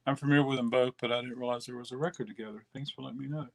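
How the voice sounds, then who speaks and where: A man's voice: medium pitch, racing, gravelly. Guy running a record stream, rambly and laid back, lots of ums, faint clicking behind him. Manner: relaxed, rambling, with many fillers and restarts. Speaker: record dealer hosting a live stream. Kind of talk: casual live-stream chat reading viewer comments.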